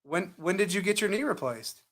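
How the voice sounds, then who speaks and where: A man's voice: sits high, lively intonation, a little fast, fairly bright tone. A man hosting a show, chatting casually and coaching viewers while he makes live phone calls, upbeat and sympathetic. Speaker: real estate investor and show host.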